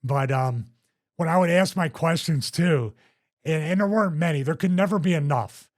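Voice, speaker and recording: Higher-voiced man telling rambling stories. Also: moderate pace. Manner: rambling, animated storyteller with frequent restarts. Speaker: wrestling podcast host. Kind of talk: casual storytelling chat.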